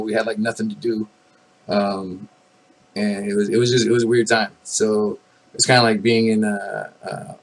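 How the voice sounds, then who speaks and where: Laid-back rambling man, low voice. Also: rough recording. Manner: rambling, laid-back, many fillers and restarts; swears casually. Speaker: army veteran vlogger. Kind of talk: casual storytelling monologue.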